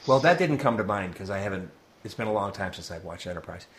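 A man's voice: low voice, animated, fast talker, a bit bright. A man co-hosting a podcast, chatting casually and laughing often. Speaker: podcast co-host. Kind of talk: casual chat about comics.

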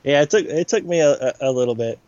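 A man co-hosting a podcast, chatting casually and enthusiastically, quick to agree. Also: on the high side, a little mellow, highs cut off. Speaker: podcast co-host. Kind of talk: casual chat.

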